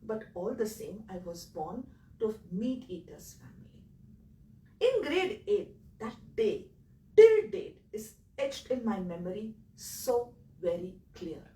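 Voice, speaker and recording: A woman's voice: medium pitch, big pitch swings, slow pace, roomy sound, distant mic, rough recording. Earnest Indian woman telling a story. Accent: Indian English. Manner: earnest and emotional, swinging between loud and quiet. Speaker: speaker telling her own story. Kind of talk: personal storytelling talk.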